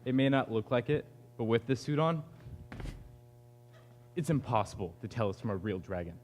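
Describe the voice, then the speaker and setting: An earnest hired guard in a dragon suit, played by a man on stage, pitching his services like a salesman. His voice sits at a mid pitch. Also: lively intonation, normal speed, a little mellow, faint music behind, close to an everyday voice. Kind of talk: stage musical acting.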